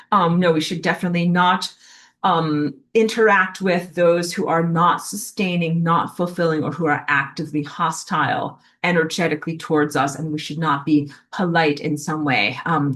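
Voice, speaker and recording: A woman's voice: lowish voice, fairly bright tone. A woman giving a casual, rambling spiritual talk from home, full of fillers like "like" and "um". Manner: rambling, heavy use of fillers like "like" and "um". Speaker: spiritual teacher. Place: indoors at home, in an apartment.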